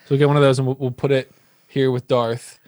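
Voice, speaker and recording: A man's voice: mid-range voice, level tone, fast talker, a little mellow, no echo, clean studio sound. An American man co-hosting a podcast in a rambling, playful, teasing casual chat. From United States. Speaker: podcast co-host.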